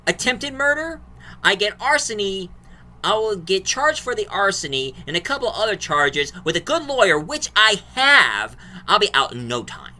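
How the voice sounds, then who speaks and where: A man voicing an arrogant young male killer, shouting boastfully. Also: high voice, very animated, normal speed, voice pushed up, exaggerated voice. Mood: defiant rant.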